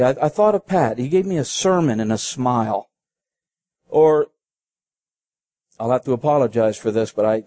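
A man preaching a sermon in an earnest, halting way, slowing down to read quoted passages. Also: mid-range voice, dark tone, no echo. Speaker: pastor.

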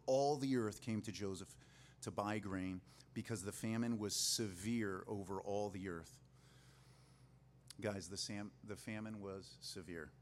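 A man's voice: lowish voice, a little hiss or hum. A man preaching a sermon in a casual, joking way, retelling a Bible story. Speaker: pastor.

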